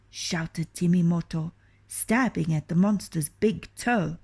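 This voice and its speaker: A woman reading a children's storybook aloud, expressive and often dropping into a hushed whisper. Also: low-pitched, takes it slowly, breathy edge.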